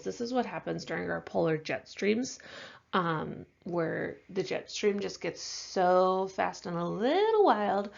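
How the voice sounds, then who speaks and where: A woman teacher giving a recorded science lecture in a casual, unhurried way, with many fillers, and sounding tired. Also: lowish voice, vocal fry, dull audio. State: yawning, tired.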